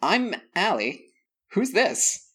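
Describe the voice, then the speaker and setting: A man co-hosting a comedy podcast in quick, playful banter, with a voice set somewhat high for a man. He keeps breaking into mock-dramatic bits and teasing his partner. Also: very animated, bright, forceful tone, husky. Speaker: podcast co-host.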